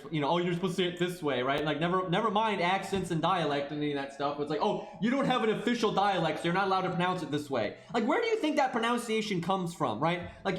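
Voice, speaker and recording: A man's voice: high-pitched, echoey room. A man streaming live, ranting in a casual, profane way and tagging his points with "right?".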